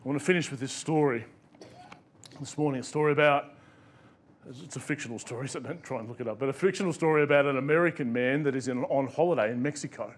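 A man's voice: mid-range voice, quick pace. An Australian male pastor preaching a sermon in a conversational, storytelling way.

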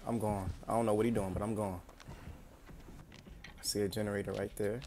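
A man's voice: on the low side, flat delivery, a little fast, background noise. A man streaming a video game, repeating short phrases to himself as he plays. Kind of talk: casual gameplay commentary.

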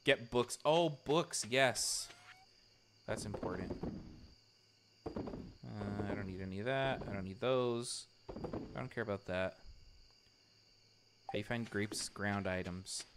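A male streamer chatting casually with his viewers while playing, excitable and swearing freely as he reacts to the game. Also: lowish voice, slow pace, pauses often, noisy background. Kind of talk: casual live gameplay chat.

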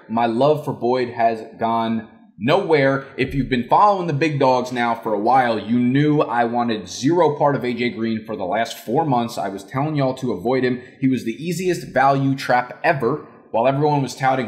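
A young man from New Jersey hosting a fantasy football show, talking loudly and emphatically with plenty of swearing. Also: mid-range voice. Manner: loud, emphatic, profane, yelling. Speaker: fantasy football analyst host. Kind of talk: casual ranting analysis.

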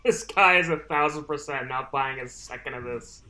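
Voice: medium pitch, moderate pace, bright, forceful tone. A YouTube host chatting casually and mockingly while commenting on courtroom clips, often laughing.

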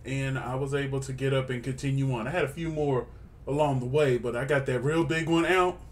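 A man co-hosting a casual review chat, answering calmly and warmly backing up his friend. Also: medium pitch, fairly quick, a little hiss or hum. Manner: supportive, steady, affirming. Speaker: co-host of a reality show review podcast.

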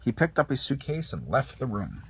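A man reading a children's storybook aloud as narrator, expressive. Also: mid-range voice, moderate pace, vocal fry, husky. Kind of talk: storybook read-along.

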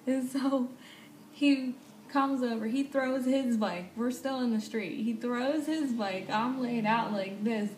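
Animated young woman, echoey room. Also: fairly high pitch, slow. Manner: animated, swears freely, laughs often. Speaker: vlogger telling a story. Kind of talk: casual storytime. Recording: echoey room, faint background noise.

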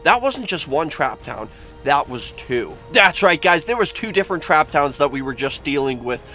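A man hosting a casual vlog, reading comments aloud with animated, sarcastic asides. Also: fairly high pitch, moderate pace. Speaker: YouTube host. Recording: faint music behind.

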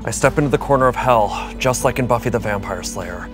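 A man's voice: medium pitch, brisk. Man dramatically reading game text. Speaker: player. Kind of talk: comedic board game play. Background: music.

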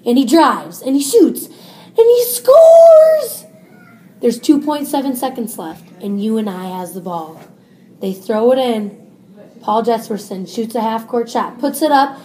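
A woman imitating an excited male basketball announcer calling a last-second shot, shouting as the play builds. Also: a little high, measured pace. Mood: hyped up.

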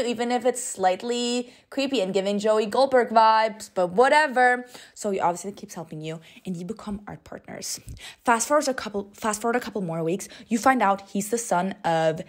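A woman's voice: mid-range voice, moderate pace. A young woman doing a chatty voice-over, spinning a playful story and talking straight to the viewer. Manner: playful, gossipy, addresses the viewer directly. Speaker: book vlogger.

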